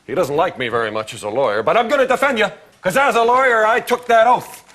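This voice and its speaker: A man performing an improvised comic scene as a lawyer, playful and lively. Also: sits high, quick pace. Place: TV studio stage. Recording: loud studio audience behind.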